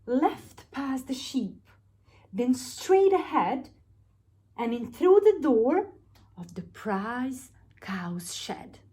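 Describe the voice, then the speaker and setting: A woman's voice: sits high, big pitch swings, very slow, exaggerated voice. A woman voicing a scheming male thief who whispers a rhyming plan to rob a farm in a storybook. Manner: hushed, sing-song rhyming plot. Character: two scheming male thieves plotting.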